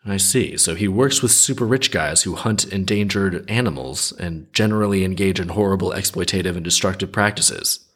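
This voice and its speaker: A man's voice: sits low, normal speed, fairly bright tone, breathy edge. A man voicing a laid-back male Death in human form, talking casually and offhand.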